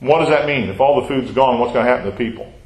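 A man's voice: medium pitch, fast, a little mellow, echoey room, low-quality recording. A man teaching a Bible study class, reading scripture aloud and then explaining it in a conversational way, often asking his listeners questions. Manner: conversational, quizzes the class with questions and tags "right?".

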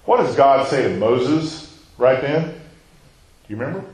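A man's voice: medium pitch, lively intonation, unhurried, a little mellow, echoey room, rough recording. A man preaching a sermon, teaching and asking his listeners questions, acting out quoted lines and sometimes dropping to a near whisper.

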